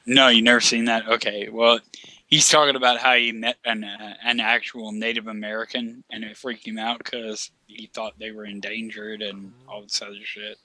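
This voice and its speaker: A man's voice: fairly low pitch, flat delivery, moderate pace, bright, forceful tone, no room sound. A man telling a long, profane anecdote in casual chat, laughing often as he goes.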